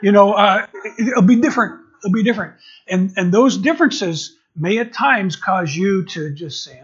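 A man preaching a sermon as a transitional pastor, his voice husky and pitched a little high. He stumbles and repeats words as he works toward each point. The recording is dull and lo-fi. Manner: halting, repeats words while searching for phrasing. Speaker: interim pastor.

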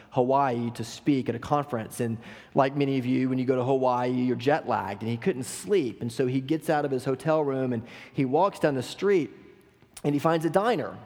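A man's voice: medium pitch, a little mellow. A man preaching a sermon as pastor, telling a story earnestly with some repeated words. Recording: long hall reverb.

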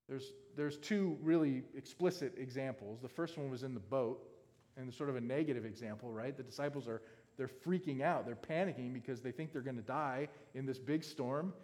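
Male pastor, mid-pitched, conversational sermon delivery with a long hall reverb. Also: a little mellow. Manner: conversational, asks the audience questions, often adds "right?". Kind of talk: sermon with scripture reading. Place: large hall with a stage.

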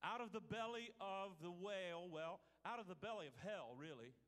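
A male pastor preaching a sermon, swinging from loud to hushed. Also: sits high, moderate pace. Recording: hall reverb.

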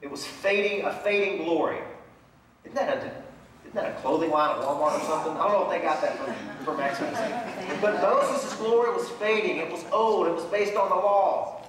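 High-voiced preacher in an echoey hall. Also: male voice, moderate pace, crowd noise. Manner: animated preaching, acts out voices of Bible figures. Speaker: pastor. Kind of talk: sermon. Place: large church sanctuary. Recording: echoey church hall from far off.

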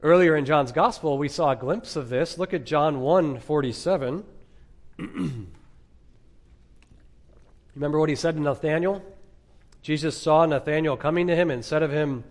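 A male pastor delivering an expository sermon in a fairly high voice. He preaches emphatically, leaning on dramatic pauses and rhetorical questions.

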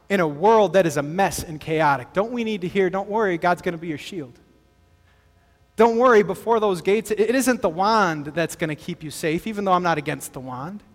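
A man's voice: fairly high pitch, big-room sound. A male pastor giving a sermon in a conversational way, full of rhetorical questions and humorous asides. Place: church.

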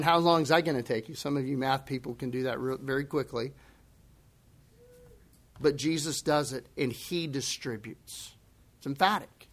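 Expressive male preacher, fairly high voice. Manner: expressive preaching, dropping to a near whisper and rising to emphatic outbursts; acts out quoted speech in conversational asides. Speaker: pastor. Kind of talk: sermon.

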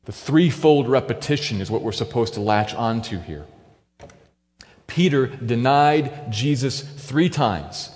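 A man's voice: mid-range voice, lively intonation, a little slow, a little mellow. Male preacher, mid-range voice, emphatic sermon delivery, long hall echo. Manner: earnest, emphatic preaching with dramatic quoted lines.

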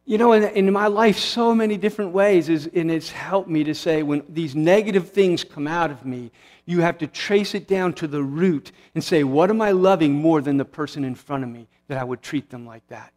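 A man's voice: on the high side, moderate pace, a little mellow. A man in his forties giving an earnest, conversational sermon as a pastor, with restarts and asides. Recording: long hall reverb.

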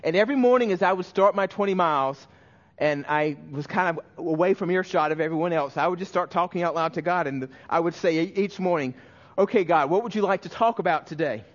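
A man preaching a sermon as a pastor, telling a personal story earnestly and emotionally, often dropping to a hushed voice, with frequent restarts. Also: high-pitched, fairly quick, muffled recording.

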